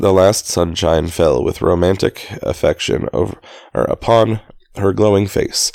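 Deep gravelly man reading a novel aloud. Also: darkish tone, no room sound. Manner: casual, stops to restart and correct himself. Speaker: reader. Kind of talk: amateur audiobook reading.

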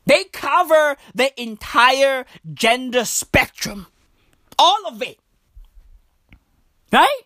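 A high-voiced woman from Africa rants in a comedic monologue, leaning on swear words and slang for emphasis. Her pitch leaps and dives with every punchline. The sound is dry and close, with no room echo. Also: fairly bright tone. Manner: profane, emphatic, slangy, repeats "bruv" and "broski".

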